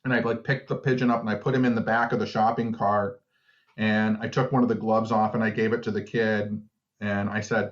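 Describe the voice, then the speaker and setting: A man's voice: lowish voice, a little fast. A man co-hosting a podcast, with a Detroit accent, telling a story in loose casual chat. He swears freely and acts out the people he quotes. The sound is a bit dull and lo-fi. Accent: Detroit, Michigan. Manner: swearing storyteller, animated quoting. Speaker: podcast co-host.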